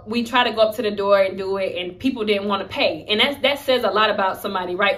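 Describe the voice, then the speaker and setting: In a story-time vlog, a young woman speaks openly and emphatically, her delivery casual and straightforward. Her pitch is ordinary, with a slightly bright quality.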